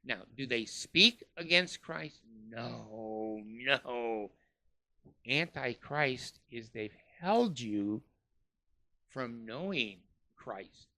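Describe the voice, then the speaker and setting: Guy ranting and cursing, lots of uh's, real sharp bright voice. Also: medium pitch, expressive, extremely slow. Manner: profane, scornful, many uh fillers. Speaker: commentator. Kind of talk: heated ranting monologue.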